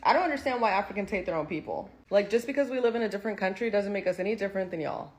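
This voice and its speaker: A woman ranting emphatically in a social media video. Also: medium pitch. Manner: fast, emphatic, exasperated ranting.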